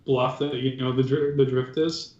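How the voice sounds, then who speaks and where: A man's voice: medium pitch, little pitch movement, moderate pace, a little mellow. A man narrating as game master of a tabletop game, in a casual, loose way with many fillers. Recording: dull, roomy recording.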